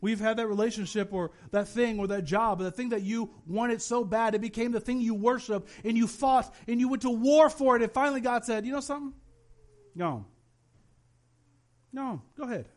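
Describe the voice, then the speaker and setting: High-voiced animated male preacher. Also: brisk, hardly any pauses. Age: adult, has children. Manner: animated storytelling, voices quoted parents. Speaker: pastor. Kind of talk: sermon.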